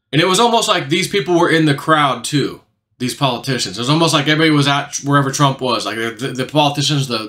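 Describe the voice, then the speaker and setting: A man telling a long story in a casual monologue, rambling with lots of filler words and often dropping his voice lower and quieter for emphasis. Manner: rambling, heavy on "you know" fillers, drops quieter for emphasis. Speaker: channel host recounting a dream.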